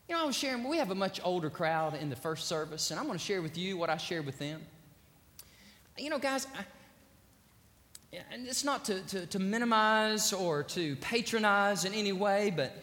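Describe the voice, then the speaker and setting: A pastor preaching a sermon in a large church, quoting scripture with a preacher's rising cadence. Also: male voice, high voice, pushed and bright. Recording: church reverb.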